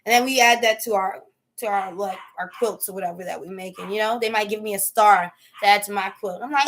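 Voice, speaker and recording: A woman's voice: mid-range voice, brisk, fairly bright tone. A woman hosting a casual motivational live talk, preachy and emphatic, with slangy speech that keeps checking in with "okay?". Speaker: host.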